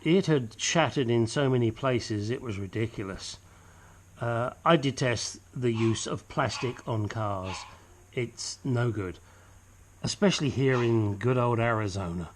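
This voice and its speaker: A man's voice: medium pitch, a little slow, a little hiss or hum. A man gives a casual, hands-on repair tutorial from his home workshop. He talks chattily and drops joking asides as he works. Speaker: DIY car repair vlogger.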